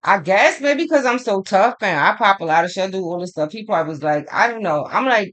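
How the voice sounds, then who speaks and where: A woman giving an astrology and tarot reading in a loose, unscripted monologue. She swears freely and jumps from thought to thought. Her voice sits at an ordinary middle pitch for a woman as she keeps replaying heated back-and-forth exchanges. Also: fairly quick, hardly any pauses. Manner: animated, profane, rambling storytelling; emphatic back-and-forth retelling of arguments. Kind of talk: casual spoken monologue.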